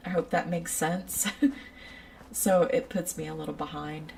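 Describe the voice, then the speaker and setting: Mellow rambling woman streamer. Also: low voice, fairly even intonation, unhurried, vocal fry, distant mic, a little hiss or hum, low-quality recording. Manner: rambling, drifts off on tangents; talks straight to chat viewers. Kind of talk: casual livestream chat.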